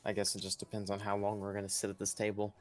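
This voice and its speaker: Low-voiced laid-back male player. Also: quick pace, faint music behind. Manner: relaxed, questioning. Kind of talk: casual game chat.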